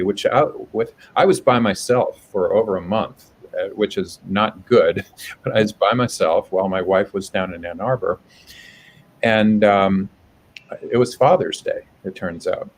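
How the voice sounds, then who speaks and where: A man being interviewed over a video call, telling a personal story in a reflective, halting way. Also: fairly low pitch, animated, slight background noise, rough recording. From United States. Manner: reflective, halting, with soft restarts. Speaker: guest, public health professor.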